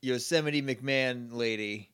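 Male co-host, mid-pitch, chuckly, quick interjections in a casual episode recap. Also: fairly bright tone, smooth. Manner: laughs often, quick interjections. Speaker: podcast co-host.

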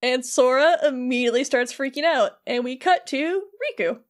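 Chatty, fairly high-voiced woman. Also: moderate pace. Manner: chatty, swears casually. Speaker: podcast co-host. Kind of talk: casual chat, recapping a game.

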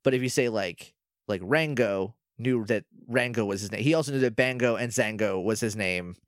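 A man co-hosting a casual podcast, recapping a TV episode in lively conversation. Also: lowish voice, normal speed, dry recording, clean studio sound. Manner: lively, animated, acts out lines from the show. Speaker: podcast co-host.

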